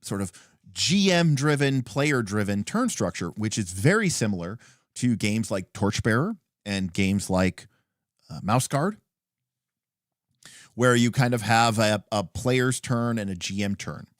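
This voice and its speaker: Guy hosting a late stream, rambling and thinking out loud, lots of um and you know, dry close sound. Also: fairly low pitch, expressive, a little slow, no echo. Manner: rambling, thinking aloud with many fillers. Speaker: stream host. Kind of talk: casual livestream commentary on a tabletop rulebook.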